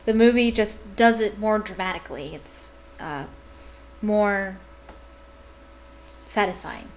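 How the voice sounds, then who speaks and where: A woman's voice: mid-range voice, slow pace, slight background noise. A woman reading a novel aloud, breaking off into enthusiastic, chatty commentary. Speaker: reader and fan commentator.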